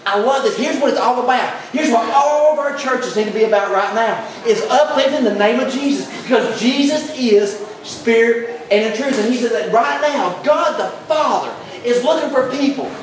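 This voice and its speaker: Exuberant pastor in an echoey hall. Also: male voice, very high voice, normal speed, few pauses, distant mic. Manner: exuberant, emphatic, builds to shouts. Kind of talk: sermon. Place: large echoey church hall.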